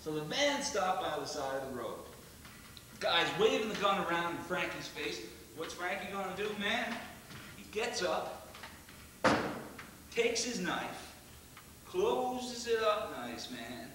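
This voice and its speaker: A man's voice: sits high, sing-song, takes it slowly, long pauses, heavy background noise, full character voice. A male actor on stage playing a rowdy young stoner in a monologue, rambling and crude, laughing and saying "man" a lot. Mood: crude bragging. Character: rowdy young male stoner bragging about a wild ride. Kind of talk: theatrical monologue. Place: theatre stage. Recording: echoey stage from far off.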